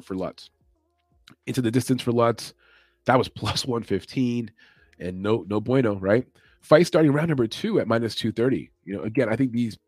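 A man's voice: lowish voice, darkish tone, no room sound. Chatty man hosting a betting podcast. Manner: loose, chatty, thinks aloud. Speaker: MMA betting podcast host. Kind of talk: casual chat.

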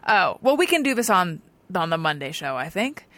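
A woman's voice: lowish voice, very animated, normal speed, a bit bright, no room sound. A woman hosting a podcast, chatting casually and reading out listener submissions. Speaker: podcast host.

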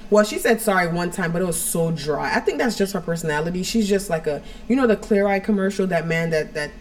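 A woman with a low voice tells a personal story at home for a podcast. She talks frankly and rambles, filling her sentences with "like" and "you know". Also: animated, quick pace. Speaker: podcast co-host.

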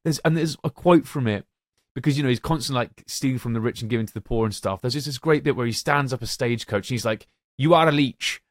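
A young adult man co-hosts a podcast, enthusiastically praising films as he ranks them and addressing listeners like a showman. He talks fast in a mid-range voice, and the recording is dry and studio quality.

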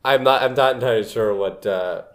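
A man's voice: mid-range voice, a little fast. A young man in casual chat as a podcast co-host, rambling, restarting his sentences and laughing often.

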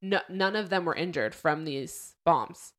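A young woman chats casually as a podcast host, with a fairly low voice. She retells events in a loose, lively way and acts out what people said. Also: a little slow. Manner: chatty storyteller, acts out quotes.

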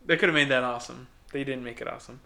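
A man's voice: mid-range voice, rapid-fire, pushed and bright. A young man co-hosting a podcast, casually retelling a movie plot with lots of "like" and quoted lines. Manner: rambling, filler-heavy retelling with quoted voices. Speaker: podcast co-host. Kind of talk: casual movie recap chat.

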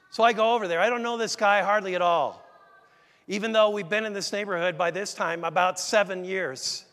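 A middle-aged man preaching a sermon, telling a story in a lively, conversational way and speaking straight to the congregation. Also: sits high, a little fast. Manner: animated, conversational, addresses the congregation directly. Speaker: pastor. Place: large church. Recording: echoey church hall.

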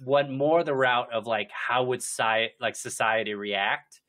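Bright-voiced man telling stories. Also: medium pitch, measured pace. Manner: animated storyteller, laughs often, acts out quotes. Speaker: filmmaker guest. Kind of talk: casual interview chat.

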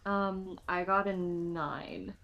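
A woman's voice: on the low side, steady tone, drawn-out words, vocal fry, lo-fi sound. A woman playing in a tabletop game, hesitant and polite. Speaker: player. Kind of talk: casual tabletop play.

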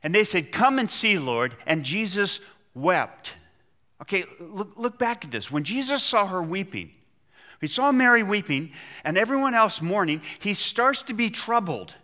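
Guy preaching a sermon, bright punchy voice, really animated, does little voices for the bible people. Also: high-pitched, moderate pace. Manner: animated storytelling, acting out voices of biblical figures. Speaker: pastor.

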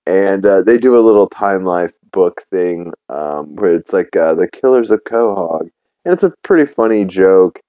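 A man's voice: deep voice, lively intonation, normal speed, hardly any pauses, dark tone, no room sound. A man hosting a podcast, casually recapping a cartoon episode with lots of ums and uhs. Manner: rambling, many fillers. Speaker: podcast host.

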